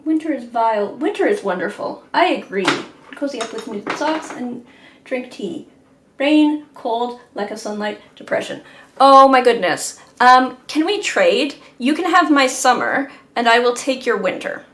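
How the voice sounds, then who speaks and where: A woman's voice: a little high, animated, normal speed. A woman hosting a livestream while painting in her home art studio, chatting casually in a rambling, self-deprecating way. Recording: roomy room, faint background noise.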